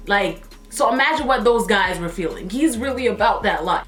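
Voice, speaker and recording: High bright young woman. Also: moderate pace. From Toronto area, Canada. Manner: animated, acts out everyone's lines. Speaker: vlogger. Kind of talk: casual storytime. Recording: echoey room.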